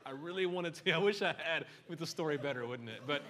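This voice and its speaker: A middle-aged man preaching a conversational sermon, animated and full of joking asides. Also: fairly high pitch, fast, hardly any pauses. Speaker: pastor.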